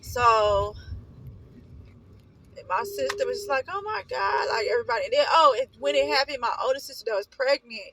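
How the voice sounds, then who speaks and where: A woman's voice: a little high, steady tone, a little fast, a bit bright, a little hiss or hum, rough recording. A young woman from Oakland, California, telling her own story to the camera in a casual, emotional way, wandering off into asides. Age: young adult. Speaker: vlogger.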